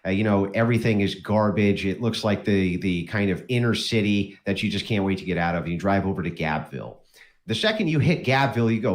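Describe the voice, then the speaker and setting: A man's voice: on the low side, brisk. A man in casual political chat, telling stories with mocking put-on quotes. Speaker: guest commentator.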